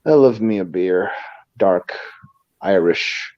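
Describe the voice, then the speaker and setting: A man's voice: low voice, slow pace, a little mellow, no echo, lo-fi sound. A tired man from the Philippines chatting easily on a podcast, joking at his own expense. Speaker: podcast co-host. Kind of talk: casual chat.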